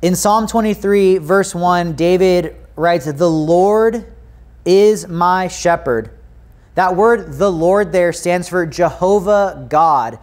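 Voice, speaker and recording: A man's voice: high voice, slow, darkish tone. A man with an American accent preaching a sermon in a church, reading scripture, praying and talking to the congregation in an earnest, conversational way. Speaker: pastor. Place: church sanctuary.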